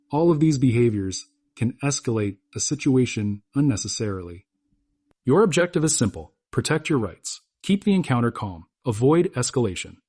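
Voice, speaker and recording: A man narrates a scripted explainer in firm, clipped sentences. His voice is husky and his pitch moves a lot. The recording is dry and close, with no room sound. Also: a little mellow, dry recording. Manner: firm, instructive, short punchy sentences.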